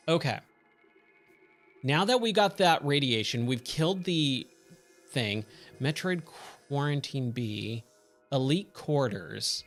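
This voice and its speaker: A man's voice: medium pitch, expressive, slow pace, pauses often, a bit bright, faint music behind. Chatty Californian guy narrating gameplay. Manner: chatty, exclaims at the game, surfer slang. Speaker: streamer; trainer at day job. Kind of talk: casual let's-play commentary.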